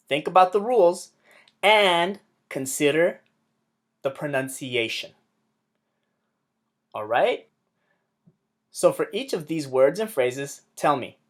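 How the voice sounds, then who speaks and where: Slow, patient male language teacher. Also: medium pitch. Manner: patient, models words by contrasting wrong and right stress. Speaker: Spanish teacher. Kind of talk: slow explanatory lesson.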